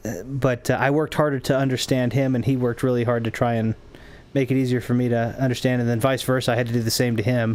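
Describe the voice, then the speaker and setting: A man's voice: mid-range voice, a little mellow. A man from the Southern United States chatting casually with viewers while playing a game on a stream, often restarting his sentences and wandering off on tangents.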